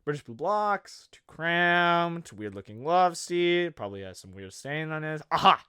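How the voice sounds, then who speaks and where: A man with a fairly high voice narrates a comedy video with sarcasm and rambling jokes. His pitch swings widely from line to line, and the sound is dry and close, with no room echo. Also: very animated, measured pace, bright, forceful tone, clear, resonant tone. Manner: sarcastic, jokey, rambling asides. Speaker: video host.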